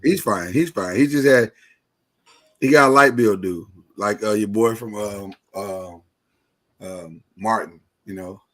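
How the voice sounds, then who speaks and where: A man's voice: on the low side, measured pace, rough recording. A man co-hosting a podcast in casual chat, joking. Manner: playful, animated, jokey preacher-style delivery. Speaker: podcast co-host. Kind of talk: casual chat with mock church-service banter. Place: podcast studio.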